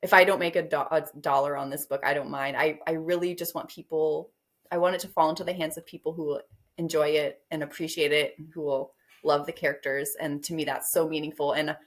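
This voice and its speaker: A woman's voice: deep voice, fairly even intonation, brisk. A woman guest author in casual interview chat, rambling a bit and laughing often.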